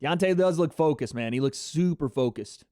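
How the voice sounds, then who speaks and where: Excitable man hosting a livestream reaction. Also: a little high, moderate pace, no echo, clean studio sound. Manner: excitable, chatty, talks to chat viewers. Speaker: livestream host. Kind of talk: live fight reaction commentary.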